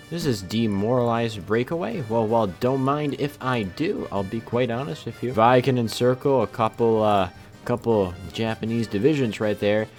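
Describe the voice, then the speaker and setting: A man giving casual, sarcastic let's-play commentary while playing a strategy game. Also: lowish voice. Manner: sarcastic, playful, exclaiming. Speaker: gaming YouTuber.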